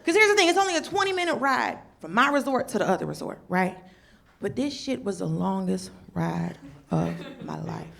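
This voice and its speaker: A woman comedian doing a stand-up set, telling a story in an animated way and jumping into high voices when she plays other people. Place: stage before a laughing audience. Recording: live show with audience noise.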